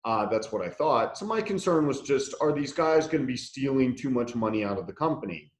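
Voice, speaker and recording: A man's voice: mid-range voice, expressive, fairly quick, reverberant. A man telling his story as an interview guest, blunt and profane, laughing through the funny parts. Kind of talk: candid conversational storytelling.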